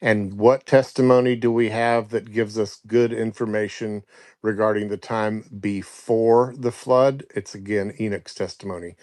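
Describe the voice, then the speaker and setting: A male caller earnestly explaining scripture in a measured, halting way. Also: fairly low pitch, steady tone, a little mellow, no echo. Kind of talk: biblical teaching.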